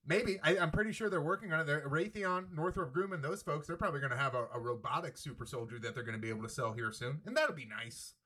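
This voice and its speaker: This is a man hosting his own daily show, delivering a sarcastic political rant full of swearing. His voice is bright and a little high, and it jumps up and down in pitch as he mocks and exaggerates. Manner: sardonic, profane, mock voices. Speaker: podcast host. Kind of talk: sarcastic political commentary monologue.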